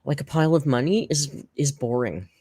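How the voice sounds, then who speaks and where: A woman's voice: low voice, expressive, moderate pace, warm tone, husky, dry recording. Woman, middle-aged, rambling casual stream chat, dry close mic. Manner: rambling, emotional, laughing often. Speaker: streamer host.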